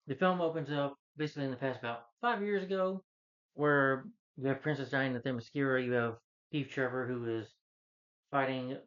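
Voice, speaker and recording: A man's voice: mid-range voice, moderate pace, a bit bright. A man giving a casual spoken film review, rambling and repeating himself as he recaps the plot with frequent restarts. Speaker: movie reviewer. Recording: slightly dull, lo-fi recording.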